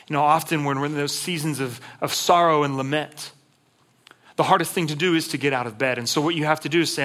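Bright, earnest male preacher. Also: fairly high pitch, fairly even intonation, quick pace. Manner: earnest, conversational, repeats words. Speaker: pastor. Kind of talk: sermon.

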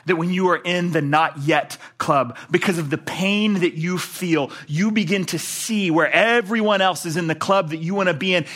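Guy preaching a sermon, high bright voice, goes big then gets real quiet. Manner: animated, swinging from loud emphatic to low quiet. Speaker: pastor.

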